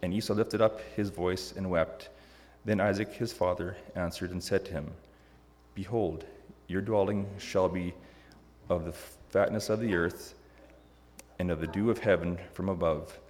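A man reading scripture aloud in an earnest, measured way, stumbling now and then. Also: sits low, steady tone, a little mellow, in a large hall. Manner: earnest, measured with some slips. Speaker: scripture reader.

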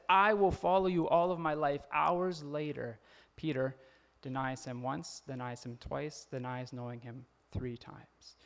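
A man's voice: medium pitch, creaky, fairly bright tone. A man preaching a sermon in a conversational way, often laughing and acting out the quoted lines. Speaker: pastor.

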